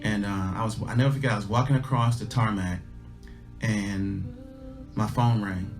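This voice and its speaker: Guy telling a story from his life, lowish voice, earnest, faint music behind him. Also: steady tone, normal speed. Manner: earnest, conversational, frequent restarts and fillers. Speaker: speaker telling a personal story. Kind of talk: casual storytelling talk.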